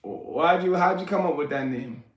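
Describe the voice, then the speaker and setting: A man's voice: fairly high pitch, normal speed, reverberant, distant mic. Joking man livestreaming from his kitchen. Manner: loose, joking, reads and answers chat. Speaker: livestream host. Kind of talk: casual livestream chat while cooking. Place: home kitchen.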